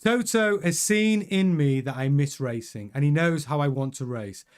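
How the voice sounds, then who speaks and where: A man's voice: on the high side, expressive, moderate pace, clear, resonant tone. A man hosting a casual news commentary show, chatty and rambling with many restarts and fillers.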